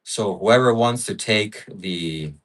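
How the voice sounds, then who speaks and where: A man's voice: on the low side, takes it slowly, distant mic, low-quality recording. A man hosting a livestream in casual chat, musing and rambling with frequent fillers. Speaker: livestream host.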